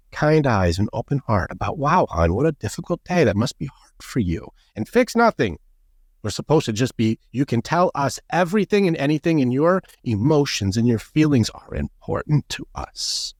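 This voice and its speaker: Male podcast guest, mid-pitched, blunt and lively, slips into quoted voices, dry studio sound. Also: dry recording. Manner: animated, acts out quoted voices, blunt and profane. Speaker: guest, men's coach. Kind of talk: podcast conversation.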